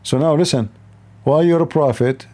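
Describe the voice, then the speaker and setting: A man's voice: on the high side, normal speed, dark tone. A man hosting an online debate call, mocking and interrupting his guest and often repeating his words. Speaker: debate host.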